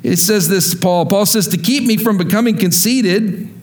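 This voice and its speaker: A man preaching a sermon, reading scripture and speaking to the congregation, climbing in pitch on emphatic lines and dropping low and quiet for serious points. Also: normal speed. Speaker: pastor.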